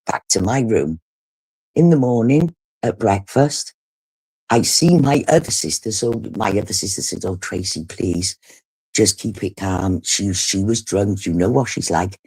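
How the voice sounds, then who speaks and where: A middle-aged British livestreamer with a very deep, husky voice takes her time telling a casual story. Her retelling is animated and blunt, laced with heavy swearing.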